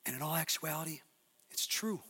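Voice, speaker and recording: A middle-aged man preaching with a high-pitched voice. He swings between booming emphasis and soft, close asides. His words ring out with the long reverb of a large hall. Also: a little fast, husky. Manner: animated preaching, swings from loud emphasis to quiet intimate asides. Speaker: pastor. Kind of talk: sermon.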